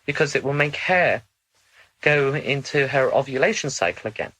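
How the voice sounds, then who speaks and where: A man speaking in a channeling session, measured and instructive, sometimes formal in phrasing. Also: mid-range voice, sharp tone, poor audio.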